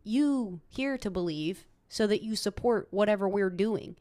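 A woman's voice: medium pitch, a little slow, mellow. A woman from the United States giving frank, opinionated views in casual chat, swearing now and then.

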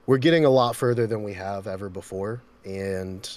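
A man's voice: fairly low pitch, normal speed, darkish tone. A man, a voice actor, chatting casually and laughing often over a video call. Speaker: voice actor guest. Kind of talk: casual chat.

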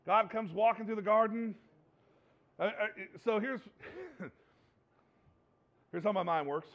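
Guy preaching a chatty sermon, kinda high voice, jokey, says stuff over and over, muffled lo-fi sound. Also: measured pace. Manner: joking, animated, repeats phrases for emphasis. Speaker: pastor. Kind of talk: conversational sermon.

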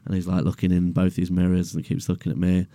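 A young man with a deep, gravelly voice tells a story casually. His tone is dark and mellow, and the sound is dry and close. He swears freely and laughs through his own story. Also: completely flat delivery, fast, no echo. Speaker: podcast co-host. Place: garage.

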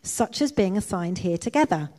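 A woman's voice: medium pitch, animated, moderate pace, lightly acted. Woman reading as devout young woman, serene, eager, thankful, long church echo. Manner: bright and eager.

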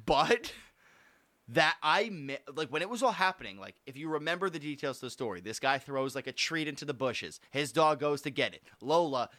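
A man telling a story in casual, animated chat, swearing freely. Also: fairly high pitch, normal speed, no room sound.

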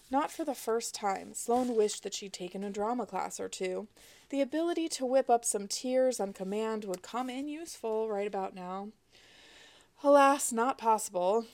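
A woman, the author, narrating her space adventure novel aloud in a wry, expressive way. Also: a little high. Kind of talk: audiobook narration.

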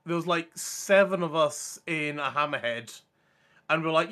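A man's voice: fairly high pitch, measured pace, sharp tone. A man co-hosting a casual gaming chat, telling a long, rambling, enthusiastic story with lots of restarts. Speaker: podcast co-host.

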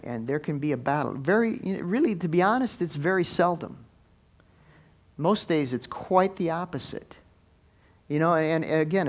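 A male pastor preaching a lively sermon in church, swinging from soft asides to loud exclamations. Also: on the high side. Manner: animated preaching with big swings in loudness.

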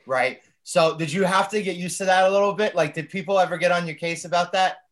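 Chatty New podcast co-host. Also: male voice, high voice, fairly even intonation, fast talker. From New York. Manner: casual, chatty questioning. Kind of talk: podcast interview.

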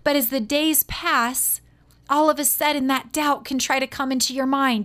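A woman's voice: high voice, steady tone, moderate pace, a bit bright. A woman teaching a sermon, telling a Bible story expressively and reading scripture aloud.

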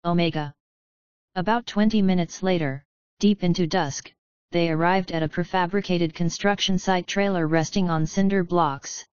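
Smooth-voiced woman reading a story. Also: lowish voice, steady tone, normal speed, darkish tone, no room sound. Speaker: audiobook narrator. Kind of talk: scripted narration of a fan story. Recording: dry, slightly dull lo-fi recording.

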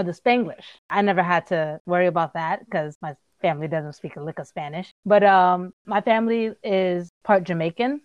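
A woman from the United States chatting on a podcast, loud and fast-talking, laughing often. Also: on the low side, no echo, muffled recording. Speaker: podcast guest. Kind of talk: casual podcast chat.

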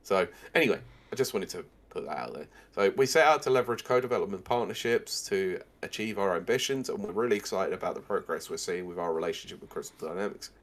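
A young man with a slightly low voice co-hosts a relaxed gaming news chat. He reads the headlines aloud and cuts in with dry, sarcastic asides. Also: fast talker, hardly any pauses. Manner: sarcastic, reads news quotes and riffs on them. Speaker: podcast co-host.

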